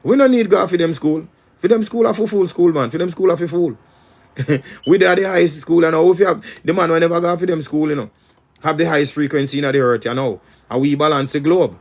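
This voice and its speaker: A man's voice: a little high, fairly quick. A man with a Jamaican accent, preaching as a spiritual teacher in an emphatic, repetitive patois-laced monologue.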